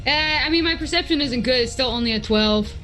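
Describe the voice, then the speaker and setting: A woman's voice: sits high, brisk, over music. A woman playing a tabletop game, playful and giggly, joking with the table. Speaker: player.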